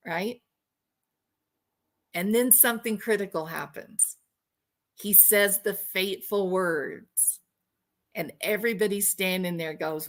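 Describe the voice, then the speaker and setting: A woman's voice: mid-range voice, slow pace, a bit bright. A woman hosting a true crime livestream, talking casually and animatedly, laughing and mocking people with impressions.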